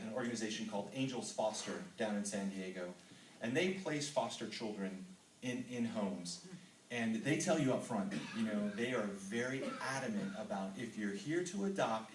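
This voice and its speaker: A man's voice: fairly low pitch, a little hiss or hum. A middle-aged man from Texas giving an earnest testimony to a men's ministry group, reading scripture and telling his own story with frequent ums. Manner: earnest, reads scripture then tells personal story with filler ums. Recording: roomy hall, voice from far off mic.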